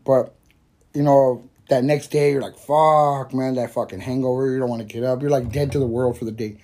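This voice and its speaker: A man's voice: medium pitch, fairly even intonation, brisk, dark tone. A young man hosting a casual podcast, rambling loosely, swearing constantly and laughing often between thoughts. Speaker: podcast host. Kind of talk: casual stoner podcast chat.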